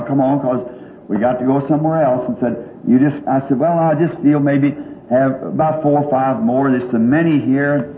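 An older man preaching a sermon, telling stories in a folksy, rambling way and chuckling often. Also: medium pitch. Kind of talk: sermon storytelling. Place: large church hall. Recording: tinny old recording in an echoey hall with faint hiss.

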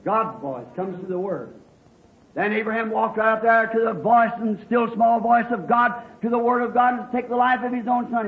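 A man preaching a fervent revival sermon, swinging from hushed asides to shouted exclamations. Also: high voice, normal speed. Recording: echoey, muffled old sermon recording.

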